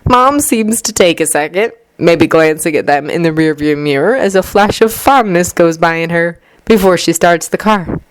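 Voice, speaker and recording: A woman narrating a fan fiction story aloud, with expressive delivery and clearly varied voices. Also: on the low side, normal speed, dry recording. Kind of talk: fan fiction audiobook reading.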